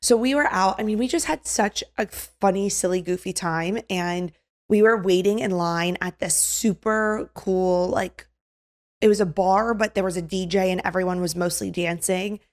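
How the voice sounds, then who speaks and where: A young woman co-hosting a podcast, telling a story in a casual chat, animated, acting out quotes, with lots of "like". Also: mid-range voice, moderate pace. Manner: animated, acts out quotes, filler "like". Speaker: podcast co-host.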